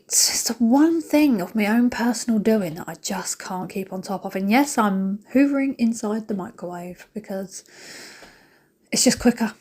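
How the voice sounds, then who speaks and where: A chatty woman with a British accent talks her viewers through a day of cleaning, her voice sitting at an ordinary middle pitch. She rambles from one thing to the next, addresses the audience directly and is quick to laugh at herself. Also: expressive, a little mellow. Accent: British English. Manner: emotional, self-mocking. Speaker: cleaning vlogger. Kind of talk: casual chat while cleaning.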